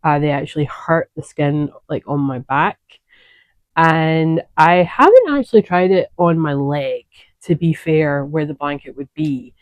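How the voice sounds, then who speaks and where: Slow, chatty woman. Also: sits low, no room sound, highs cut off. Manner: chatty, digressive, self-correcting. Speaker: knitting podcast host. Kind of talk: casual chat showing knitting projects.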